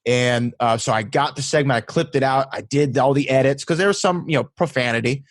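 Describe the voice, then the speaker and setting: A man's voice: mid-range voice, no echo. A man hosting a podcast, chatting and joking casually on a close mic. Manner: chatty, joking, quick reactions. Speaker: podcast host.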